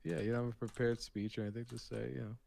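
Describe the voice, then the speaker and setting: A man co-hosting a live painting stream, chatting casually and telling rambling, animated stories. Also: medium pitch, rapid-fire, gravelly. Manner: rambling, animated storytelling with restarts. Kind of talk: casual chat.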